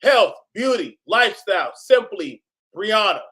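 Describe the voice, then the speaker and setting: A man hosting a reaction video, talking in an animated, exclaiming way and laughing often. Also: high-pitched, unhurried, background noise. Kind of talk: reaction commentary.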